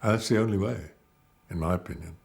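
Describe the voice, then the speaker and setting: An older male actor being interviewed, telling measured, rambling anecdotes about his career. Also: low voice, creaky. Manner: measured, anecdotal storytelling with digressions. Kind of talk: reminiscing interview.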